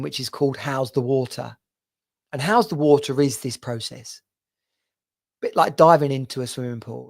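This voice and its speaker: A man's voice: medium pitch, vocal fry, darkish tone. Earnest man coaching listeners. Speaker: podcast host and men's coach. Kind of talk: motivational podcast monologue.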